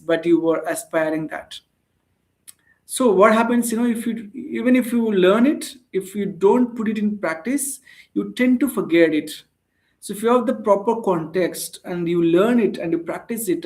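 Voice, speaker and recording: A man with an Indian accent gives a casual spoken English lesson in a fairly high voice. He talks earnestly, thinking aloud with fillers and restarts. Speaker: English teacher.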